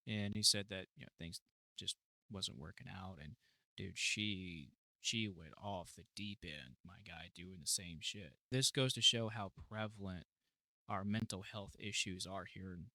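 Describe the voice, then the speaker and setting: A man from the United States hosting a casual reaction video, excitable and profane, laughing often. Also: deep voice, measured pace, dry recording, studio quality. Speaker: reaction channel host.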